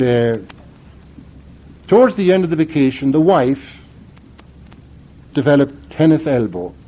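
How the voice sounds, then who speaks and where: A man's voice: medium pitch, breathy edge. An older Irish man, a priest, telling a personal story in a dramatic, emphatic way, heard in a dull lo-fi recording.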